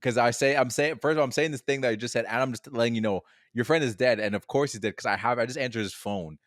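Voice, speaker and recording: A man's voice: medium pitch, fast, dry recording, studio quality. Laid-back man who laughs a lot. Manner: laughs often, retells scenes with quoted lines. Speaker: podcast co-host. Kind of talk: casual chat.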